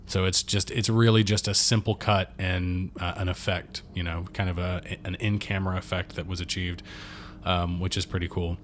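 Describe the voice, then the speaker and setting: Man, podcast co-host, casual movie chat, rambling with fillers, lowish voice. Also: level tone, normal speed, a little hiss or hum. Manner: rambling, filler-heavy, jokey.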